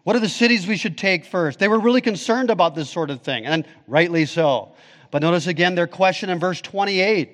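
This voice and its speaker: A man's voice: high-pitched, normal speed, a bit bright. Emphatic preaching man in an echoing hall. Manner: emphatic preaching, rising and falling in intensity. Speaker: pastor. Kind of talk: sermon.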